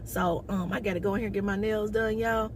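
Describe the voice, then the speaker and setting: A woman's voice: medium pitch, fairly even intonation, fairly quick, a little hiss or hum. Sassy woman telling a story. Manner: sassy, loud, calls viewers baby and honey. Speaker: comedian. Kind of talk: casual storytelling vlog.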